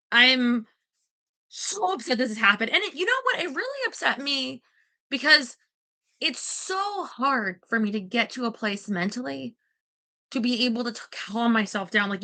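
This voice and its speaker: A woman's voice: high-pitched, bright, forceful tone. A woman venting in a casual vlog, indignant and profane, rambling with restarts. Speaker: vlogger.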